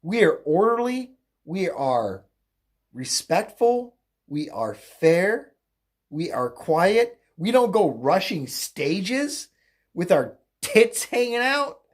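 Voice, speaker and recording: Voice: medium pitch, very animated, takes it slowly. A political commentary host ranting alone in a mocking, crude way, rambling with fillers, self-corrections and frequent laughter. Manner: mocking, crude, laughs often at own jokes. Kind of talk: opinionated solo rant.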